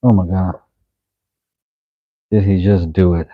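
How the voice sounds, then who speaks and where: A man's voice: low voice, fairly even intonation, takes it slowly, background noise. A man making a knife in his workshop, chatting playfully to the camera through a face mask. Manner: playful, mumbling self-talk while working. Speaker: knife maker, channel host. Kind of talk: casual workshop vlog commentary. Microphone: talking through a face mask. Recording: dull lo-fi audio.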